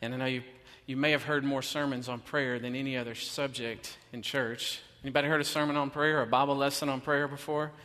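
A man's voice: mid-range voice, fairly even intonation, a little fast, hardly any pauses, pushed and bright. A man giving a chatty sermon, telling a self-deprecating story before he turns to teaching. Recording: long reverb of a church hall.

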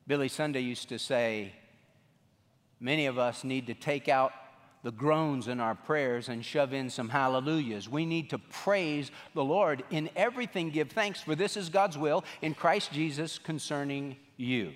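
A man preaching a sermon as pastor, telling the story in an animated way from a church sanctuary. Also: fairly high pitch, measured pace. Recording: long reverb of a large room.

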